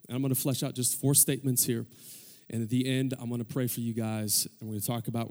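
A man's voice: medium pitch, a little mellow. A man preaching a sermon as pastor, calling out for amens from the congregation and building in intensity. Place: church sanctuary. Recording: long hall reverb.

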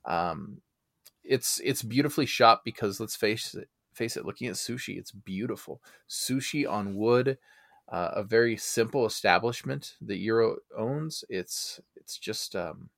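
A man with a lowish voice talks films on a podcast, recorded close and dry. He is measured and drops in wry little asides. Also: expressive, vocal fry, fairly bright tone, no room sound. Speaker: podcast co-host. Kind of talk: casual movie discussion.

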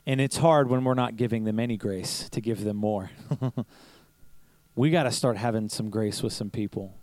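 A man's voice: fairly low pitch, moderate pace, a little mellow, dry recording, low-quality recording. Man preaching a casual sermon, dry sound. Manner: storytelling with rhetorical questions and chuckles. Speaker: pastor. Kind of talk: conversational sermon. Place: church service.

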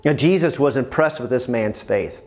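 A man preaching a sermon, emphatic and animated, with bursts of praise. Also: mid-range voice, normal speed.

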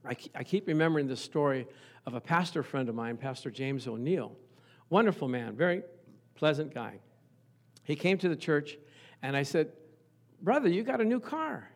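A man preaching a sermon, telling lively stories and acting out the voices of the people in them. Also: mid-range voice, normal speed. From Italian family background. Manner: animated storytelling, acts out voices. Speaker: pastor.

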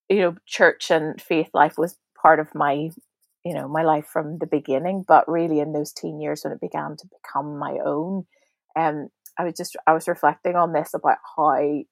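This low-pitched woman with vocal fry is a Northern Irish prayer ministry leader in her forties, appearing as a guest on a faith podcast. She talks in a chatty, reflective way, full of fillers and restarts. The recording is dry.

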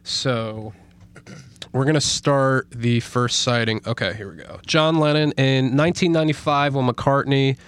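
A man's voice: medium pitch, steady tone, unhurried, fairly bright tone, clear, resonant tone. A man co-hosting a casual podcast, reading stories aloud with stumbles and frequent laughter. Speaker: podcast co-host.

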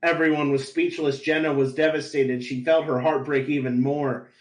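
A man's voice: on the high side, moderate pace. Man narrating in an echoey room. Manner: flat reading with stumbles and laughs. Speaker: podcast host, reader. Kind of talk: comedic fan-story narration. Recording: roomy echo.

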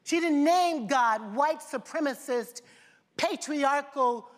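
A woman's voice: sits high, takes it slowly. A woman preacher delivering a sermon in rhythmic, repeated phrases, asking the congregation questions. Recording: long reverb of a large hall.

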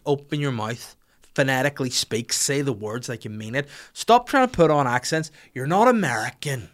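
A man's voice: mid-range voice, expressive, moderate pace, a bit bright. A man hosting a podcast, delivering a sardonic, profane comedic rant. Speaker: podcast host.

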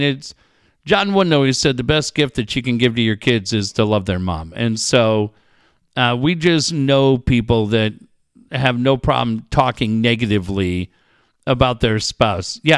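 A man's voice: medium pitch, normal speed, fairly bright tone, clean tone, no echo, clean studio sound. A man co-hosting a casual podcast, guessing aloud and swearing often in loose banter. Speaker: co-host.

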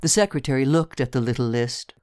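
A man's voice: mid-range voice, brisk, darkish tone, clean tone, no echo, studio quality. Man narrating a story. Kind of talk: audiobook narration.

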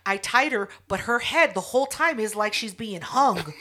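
A woman's voice: medium pitch, lively intonation, normal speed, bright, forceful tone. A woman co-hosting a casual chat, telling a comic story bluntly with lots of swearing. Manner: profane, blunt, acts out quoted people.

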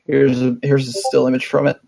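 A man from the United States with a gravelly, creaky edge who trades teasing jokes in a casual podcast chat. His pitch stays in a middle range. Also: monotone, a little fast, dark tone. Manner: jokey, teasing. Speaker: podcast co-host.

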